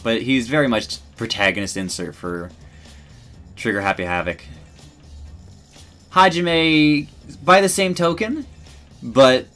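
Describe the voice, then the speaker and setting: A man's voice: medium pitch, slow pace, pauses often, fairly bright tone, soft background music. A man streaming, talking casually and emotionally in a rambling way with many restarts.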